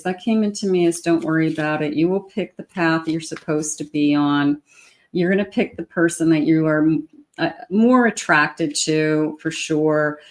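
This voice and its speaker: A woman with a low voice talks the viewer through a tarot spread. She sounds encouraging and personal, and she stops often to search for words. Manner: warm, encouraging, talks directly to the viewer with many fillers. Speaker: tarot reader. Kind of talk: tarot reading to camera.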